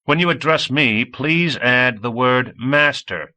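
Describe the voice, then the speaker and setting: A man's voice: mid-range voice, takes it slowly, pushed and bright, voice pushed up. A man voicing a brash young male soldier who fires off eager, demanding questions.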